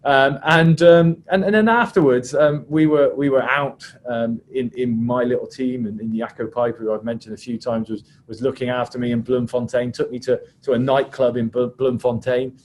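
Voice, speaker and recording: A man, a rugby referee, telling anecdotes in a chatty, halting way on a video call. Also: mid-range voice, steady tone, slight background noise. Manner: chatty, hesitant with many restarts. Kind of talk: anecdotal storytelling on a webinar.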